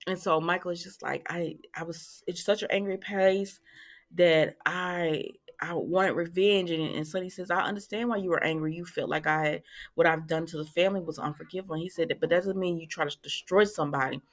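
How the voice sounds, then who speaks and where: A woman hosting a casual soap opera recap, chatting and acting out the characters' lines with lively reactions. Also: on the low side, brisk. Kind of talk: casual chat.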